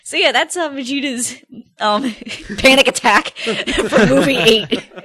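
A woman's voice: high voice, slow pace, bright, forceful tone. A woman co-hosting a casual fan podcast, laughing often and acting out quoted lines as she talks. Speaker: podcast co-host.

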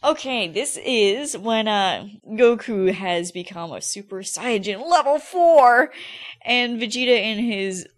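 A woman's voice: mid-range voice, expressive, a little slow, hardly any pauses. A woman co-hosting a casual fan podcast, laughing often and acting out quoted lines as she talks. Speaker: podcast co-host.

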